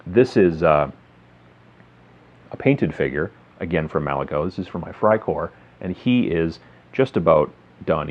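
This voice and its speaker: A man hosting a casual tabletop hobby tutorial, explaining in a rambling, friendly way full of fillers. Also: extremely low pitch. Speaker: miniature hobby video host. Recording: slightly dull lo-fi sound.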